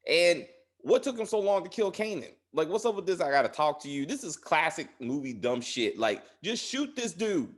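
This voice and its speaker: Animated man recapping a TV drama. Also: sits high, normal speed, husky. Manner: animated, acts out character lines. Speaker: podcast co-host. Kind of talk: casual TV recap chat.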